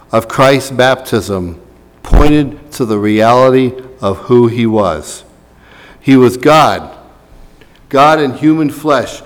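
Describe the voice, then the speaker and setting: Guy pastor preaching, chatty asides, long echo in the church. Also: mid-range voice. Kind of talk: sermon.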